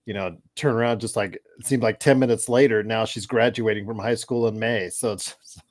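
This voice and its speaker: A man in his forties hosting a casual basketball chat, rambling with restarts and sudden excited outbursts. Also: lowish voice, brisk. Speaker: host of a basketball chat show. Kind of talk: casual live game chat.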